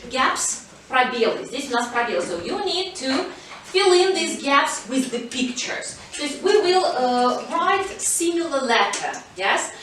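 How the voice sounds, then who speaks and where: A woman's voice: sits high, big pitch swings, measured pace, fairly bright tone, very echoey, recorded from a distance, rough recording. A woman teaching an English lesson to schoolchildren, prompting pupils and switching to Russian to explain tasks. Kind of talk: classroom lesson. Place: school classroom.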